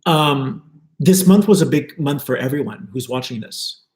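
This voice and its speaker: A man's voice: mid-range voice, animated, moderate pace, echoey room. A man giving a live spiritual talk to his viewers, earnest and flowing, repeating words for emphasis. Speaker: spiritual teacher.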